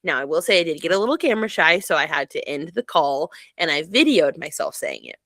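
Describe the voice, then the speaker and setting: A woman's voice: low-pitched, lively intonation, a little fast, a bit bright, no room sound. A woman co-hosting a podcast, telling a story in casual chat with bursts of laughter. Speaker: podcast co-host.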